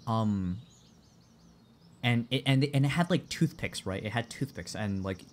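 A man with a fairly low, unhurried voice streams a game and chats casually, rambling, stammering and swearing. Game music plays behind him, and there's a little hiss or hum on the recording.

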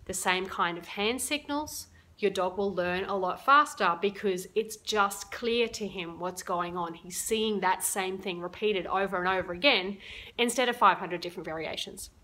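A woman's voice: medium pitch, normal speed, bright, forceful tone. A woman dog trainer chatting through a casual instructional video, explaining her ideas with everyday examples.

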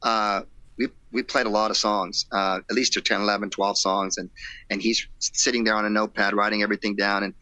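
A man, a rock singer guesting on an interview show, telling stories in a casual, animated way and acting out old conversations. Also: on the low side, a little fast, dry recording. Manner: animated storyteller acting out quotes, laughing, swearing.

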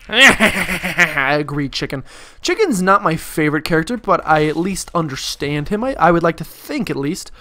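A man's voice: on the high side, bright, forceful tone. A man with a slightly raised voice talks through a video game run. He rambles through loose tangents and pokes fun at his own play as he goes. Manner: rambling, self-deprecating, jokey asides. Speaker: let's play commentator. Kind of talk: casual gameplay commentary.

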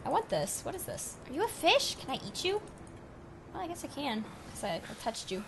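A young woman chats through a survival game in a lively, swooping voice pitched a little high. She jumps between muttered asides and sudden excited yelps, with faint background hiss on her desktop mic. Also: a little fast. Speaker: gaming channel host. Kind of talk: casual let's play commentary.

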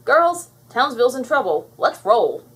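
A woman's voice: on the high side, big pitch swings, normal speed, breathy edge, voice pushed up, full character voice. A woman voicing a take-charge superhero girl who leads her sisters in a commanding, upbeat way.

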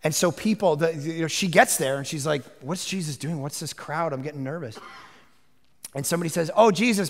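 A man preaching a sermon as a pastor, animated, dropping to a hush and rising to shouts. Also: high voice, gravelly, big-room sound.

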